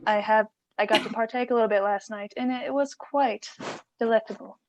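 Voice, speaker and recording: A woman's voice: fairly high pitch, fairly even intonation, a little fast, no room sound, muffled recording. A woman playing a tabletop game, describing her character and speaking in character in a playful, flirtatious way. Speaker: player. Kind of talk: in-character tabletop role-play.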